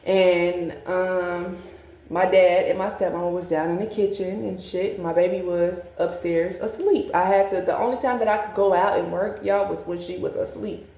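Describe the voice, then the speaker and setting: A woman's voice: lowish voice, steady tone, moderate pace, mellow. A young woman telling a personal story to her viewers, candid and profane, speaking straight to them as y'all. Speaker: vlogger. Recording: echoey room.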